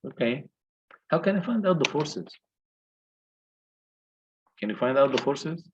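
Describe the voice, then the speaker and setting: A man's voice: on the high side, very animated, unhurried, highs cut off, slight background noise. A male engineering lecturer walking through calculations step by step and asking the class questions. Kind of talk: recorded lecture walkthrough.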